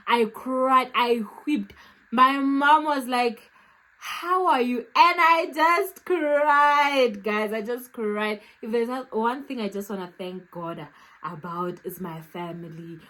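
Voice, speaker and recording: A young South African woman with a South African accent, telling a storytime vlog with animated, dramatic acted-out reactions. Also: mid-range voice, rough recording. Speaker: YouTuber.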